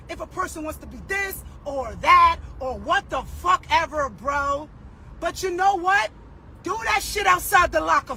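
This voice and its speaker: A hoarse woman, a singer, ranting emphatically and profanely, often shouting. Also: extremely high pitch, expressive, unhurried, a little hiss or hum. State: hoarse, losing her voice. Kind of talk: social media rant.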